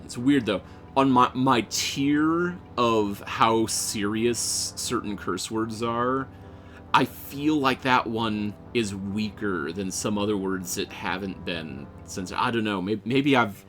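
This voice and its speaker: A man's voice: on the low side, slow, a bit bright, faint music behind. A man casually playing through a game, reading its text aloud and chatting, often tripping over words. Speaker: game player.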